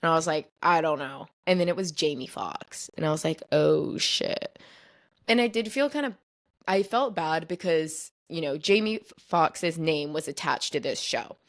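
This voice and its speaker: A woman's voice: sits low, expressive, normal speed. A young adult woman hosting a podcast, telling a story in a casual, chatty way and filling her speech with "like". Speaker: podcast host.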